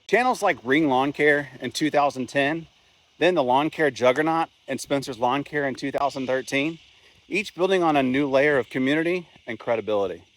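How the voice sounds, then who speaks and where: A man's voice: medium pitch, normal speed. A man narrating a scripted video essay in a plain, conversational way, with an occasional aside. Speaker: channel host.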